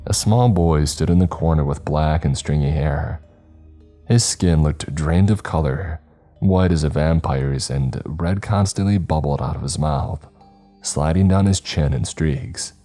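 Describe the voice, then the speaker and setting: Very deep-voiced man narrating horror. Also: warm tone, soft background music. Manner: slow, measured storytelling.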